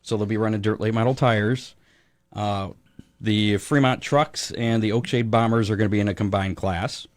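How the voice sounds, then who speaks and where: Co-hosting a racing talk show on the radio, a man chats casually, chatty and upbeat with plenty of fillers and a little out of breath. His voice is fairly low and steady, at normal speed, with no room sound.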